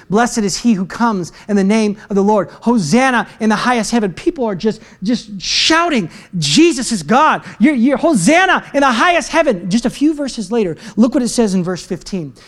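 A man preaching a sermon as pastor, swinging from loud shouts to quiet asides and dropping into slang. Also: sits high. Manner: talks in slang.

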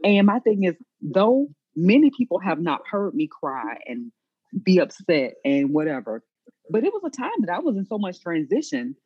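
A woman co-hosting a loose conversation, animated and emphatic and quick to laugh. Her voice is husky and her pitch rises and falls with lively swings. The recording sounds dull and lo-fi. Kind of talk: casual chat among friends.

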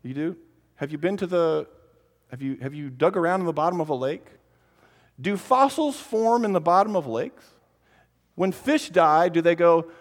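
A man giving a playful, animated conference talk to families, often speaking straight to the children. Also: a little high, moderate pace. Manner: animated, playful, addresses kids directly. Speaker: creationist speaker. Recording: long hall reverb.

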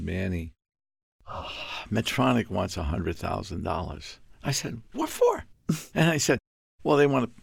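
An older man from Puerto Rico spins a long story in an interview. His voice sits low, gravelly and a little husky. He acts out every exchange, and his pitch jumps high when he gets worked up. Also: no echo, studio quality. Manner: animated, acts out dialogue with sudden high-pitched outbursts. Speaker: guest.

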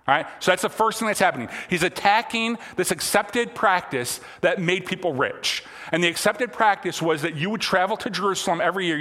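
A pastor preaches from the front of a church, his voice pitched high and bright. He keeps it conversational, checking in with his congregation as he goes, and a long hall reverb trails his words. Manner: conversational, frequent "right?" and "all right?" check-ins; light self-deprecating humor. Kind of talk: sermon. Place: church sanctuary.

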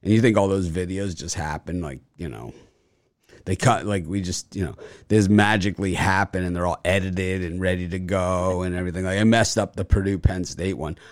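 A man with a lowish voice, recorded dry and close, as he talks through a casual show segment. He rambles with lots of fillers and tends to boast. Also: steady tone, a little fast, no echo. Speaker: sports betting show host. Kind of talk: casual chat.

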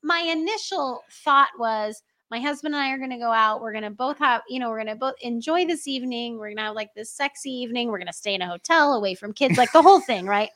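A woman's voice: on the high side, animated, fast, hardly any pauses, a bit bright. A woman chatting as a podcast guest, telling a story with lots of giggles. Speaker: guest, host's wife. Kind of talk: casual podcast chat.

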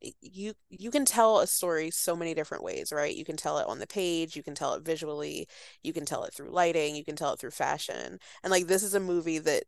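A woman's voice: low voice, lively intonation, fairly quick, creaky, dry recording. A woman talking casually about a film, thoughtful and hesitant, with lots of fillers and restarts. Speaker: guest writer.

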